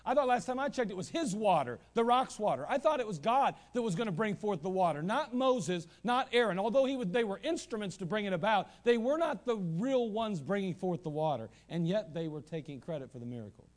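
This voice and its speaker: A male pastor preaching a sermon in a church, animated, with asides and repeated phrases. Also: high voice, brisk, hardly any pauses. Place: church sanctuary.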